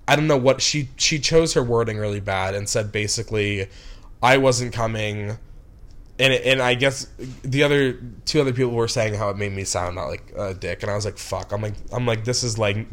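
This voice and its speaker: A man's voice: on the low side, a bit bright. Rambling young man telling a story. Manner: rambling, heavy with "like" and restarts, flares into angry outbursts. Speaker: film director. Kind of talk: casual storytelling.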